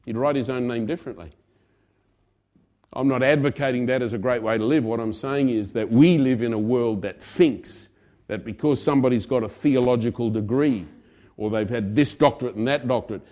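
A male pastor preaching a sermon in a conversational way, swinging between loud emphasis and quiet asides. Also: medium pitch, fairly quick.

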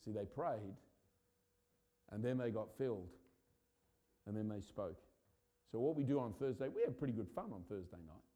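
Impassioned male preacher, low mellow voice. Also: moderate pace, pauses often. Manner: impassioned preaching, builds to loud urgent peaks. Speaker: pastor. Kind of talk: sermon.

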